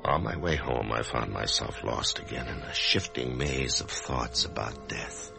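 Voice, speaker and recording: An actor playing an anxious office worker who expects to die, narrating and speaking in a hesitant, stammering way in an old radio drama. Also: male voice, extremely low pitch, a little slow, creaky, over loud music, exaggerated voice. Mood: brooding. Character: anxious male office worker facing death. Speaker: narrator and lead character. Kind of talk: 1950s radio drama acting.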